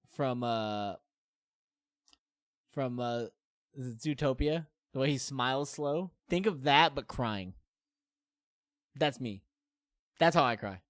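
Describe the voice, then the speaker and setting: A man in his thirties talks to his stream viewers in a loose, rambling way, full of fillers and self-deprecating asides. His voice is smooth and resonant, sitting at an ordinary pitch. He is recorded close on a desk mic with a dry sound. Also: no echo. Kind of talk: casual chat to stream viewers.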